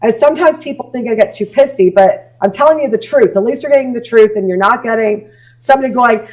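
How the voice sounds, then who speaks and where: A woman from Canada with a somewhat high voice talks in a casual interview. She is blunt and animated, and she acts out the messages she quotes. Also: fast. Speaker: guest, speaking coach.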